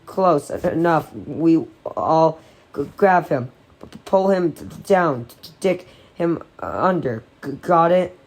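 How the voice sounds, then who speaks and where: A woman's voice: low voice, expressive, slow, exaggerated voice, rough recording. A woman voicing a boy who leads his friends and stutters heavily on his words. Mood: urgent.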